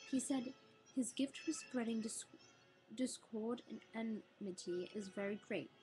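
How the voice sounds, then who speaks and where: A woman's voice: a little high, unhurried, music in the background, lightly acted, rough recording. A woman voicing a bossy, earnest teenage schoolgirl in a prim, lecturing manner, read from a storybook.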